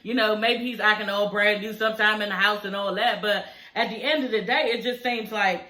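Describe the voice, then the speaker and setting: Woman, casual show recap, slangy and animated, bright edge, echoey room. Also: mid-range voice, brisk. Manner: animated, slangy, swears freely, acts out quoted lines. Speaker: reality TV recap vlogger.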